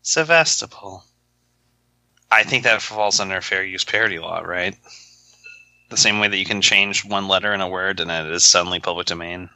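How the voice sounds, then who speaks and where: A man's voice: deep voice, fairly even intonation, brisk, sharp tone, no echo. A man co-hosting a podcast, chatting casually in a rambling, playful way. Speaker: podcast co-host. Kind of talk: casual chat.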